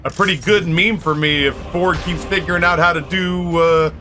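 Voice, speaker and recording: A man's voice: a little high, fairly even intonation, moderate pace, pushed and bright, soft background music. A man streaming a game and chatting casually, rambling and cracking crude jokes with his viewers. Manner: rambling, joking, crude banter with chat. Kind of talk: casual live-stream chat while gaming.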